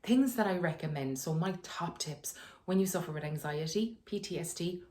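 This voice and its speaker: Low-voiced woman giving frank advice. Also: normal speed, darkish tone. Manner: frank, conversational, laughs often. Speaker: wellness vlogger. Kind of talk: candid personal advice talk. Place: her sitting room at home.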